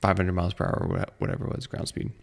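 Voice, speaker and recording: A man's voice: deep voice, very fast, gravelly. A man co-hosting a casual podcast, telling a long, rambling story and acting out the voices of the people in it. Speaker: podcast co-host. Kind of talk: casual chat among friends.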